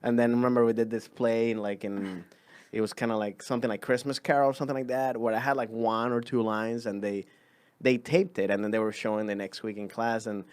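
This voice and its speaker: A young man from Venezuela with a Spanish accent, a comedian telling stories in a rambling, animated way on a podcast. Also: mid-range voice, brisk, clear, resonant tone. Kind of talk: casual chat.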